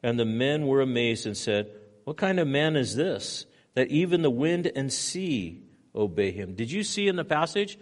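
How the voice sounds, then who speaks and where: A man's voice: mid-range voice, very animated, normal speed. Man preaching with dynamic swings. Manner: preaching with dramatic swings between loud emphasis and hushed delivery. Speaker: pastor. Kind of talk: sermon.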